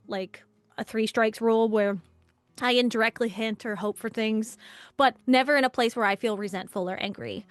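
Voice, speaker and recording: This woman's voice sits on the high side, recorded with no echo. She leads a live online workshop in a casual, chatty manner, animated and full of conversational asides, acting out quoted dialogue in playful voices.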